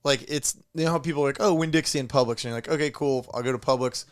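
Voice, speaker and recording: A man's voice: mid-range voice, rapid-fire. A man co-hosting a casual podcast, telling a story with lots of swearing and acted-out noises. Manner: animated storyteller, swears a lot, acts out sounds. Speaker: podcast co-host.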